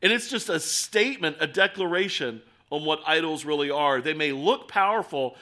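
Bright-voiced preaching man. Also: high voice. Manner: preaching with rhetorical questions, shifting between quiet and emphatic. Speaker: pastor. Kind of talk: sermon.

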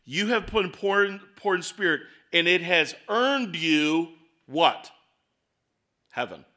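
With a high-sitting voice, sharp tone, and lively intonation, a male pastor preaches. He talks through scripture casually, reads verses out, and varies his speed for emphasis.

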